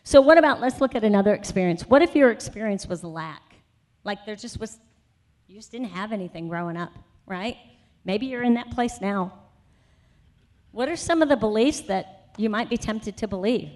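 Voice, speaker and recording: A woman's voice: medium pitch, animated, normal speed, darkish tone. A woman speaker at a conference sharing a personal testimony in a sermon, telling her story conversationally with many asides and building to emphatic conviction. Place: conference session.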